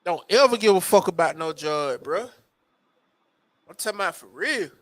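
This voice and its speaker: High-voiced man, loud profane banter. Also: animated, normal speed, dry recording. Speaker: podcast host. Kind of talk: casual chat.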